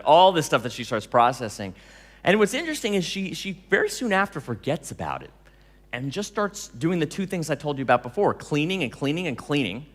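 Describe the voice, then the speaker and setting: A man giving a storytelling talk to an audience, animated, laughing often and acting out dialogue. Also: a little high, big-room sound. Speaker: speaker telling stories to an audience.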